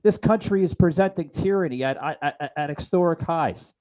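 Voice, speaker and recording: A man's voice: fairly high pitch, normal speed, dark tone. A man hosting a political podcast in a fervent style, repeatedly calling his listeners folks. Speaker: podcast host.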